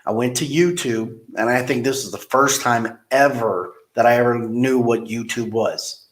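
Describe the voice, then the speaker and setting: Man, car dealership manager, animated storyteller, average pitch, echoey room. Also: moderate pace. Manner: animated, acts out quoted people. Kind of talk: casual interview storytelling.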